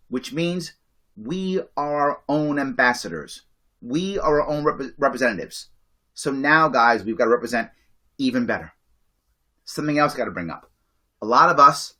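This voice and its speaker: A man's voice: on the high side, sharp tone. A man hosting a livestream, giving an impassioned pep talk to his audience, emphatic and repetitive, pleading with them. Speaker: livestream host.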